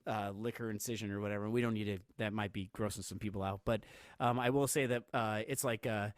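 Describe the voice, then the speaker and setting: A man's voice: fairly low pitch, steady tone, quick pace, smooth, no room sound, clean studio sound. A man co-hosting a podcast in casual chat, rambling with lots of fillers and restarts and laughing easily. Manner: laughs easily while telling stories. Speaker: podcast co-host.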